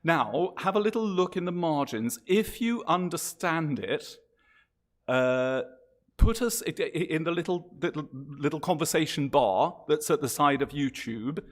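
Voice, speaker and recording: A man's voice: a little high, lively intonation, a little slow. A man hosting a live-streamed church event, talking in a chatty, hesitant way with frequent restarts. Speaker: host. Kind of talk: casual live-stream introduction.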